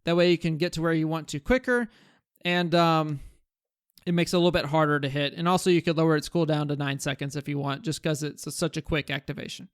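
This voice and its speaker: Talking at a quick pace in a fairly high, steady, clear and resonant voice, a gaming creator muses casually about what he'd change in a game. The dry, studio-quality recording captures his rambling fillers and restarts.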